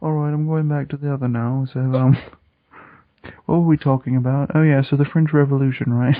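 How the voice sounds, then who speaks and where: A man's voice: medium pitch, steady tone, a little fast, no echo. A man co-hosting a podcast, rambling and joking, slipping into a mock British accent. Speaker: podcast co-host. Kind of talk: casual comedic chat. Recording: tinny phone-like line.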